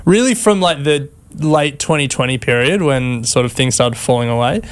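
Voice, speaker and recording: A man's voice: medium pitch, moderate pace, clean tone. A man co-hosting a finance podcast, talking in a chatty way and laughing often. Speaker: podcast co-host. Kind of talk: casual chat.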